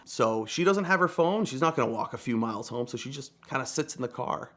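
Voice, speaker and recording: Young guy, quick and chatty anecdote teller, animated and self-mocking, mid-range voice. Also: mid-range voice. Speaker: guest storyteller. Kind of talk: casual anecdote telling.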